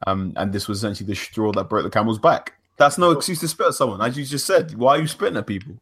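A man co-hosting a chat show, giving measured, reasoned opinions. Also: on the low side, animated, fairly bright tone, slightly rough, dry recording, studio quality. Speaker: podcast co-host. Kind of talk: casual chat.

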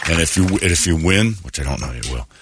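Sarcastic deep-voiced radio host man. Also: lively intonation, quick pace, a loud crowd, very noisy. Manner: sarcastic, ranting. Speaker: radio morning show host. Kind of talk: talk radio monologue.

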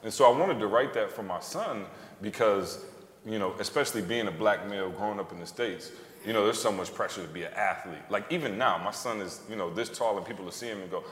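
A man's voice: fairly low pitch, expressive, a little fast, a bit bright. A man in his thirties, an author and podcast co-host, telling a story on a live stage and acting out the quotes with animation. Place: stage before a live audience. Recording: roomy hall reverb.

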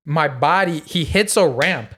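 A man's voice: a little high, animated, unhurried, fairly bright tone, husky. A man in a casual chat, telling a wild story with gasps, acted-out quotes and plenty of swearing.

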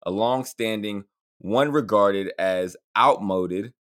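Animated man co-hosting a quiz. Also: fairly low pitch, slow. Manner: laughing, animated, reads quiz definitions. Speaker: podcast co-host. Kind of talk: casual chat.

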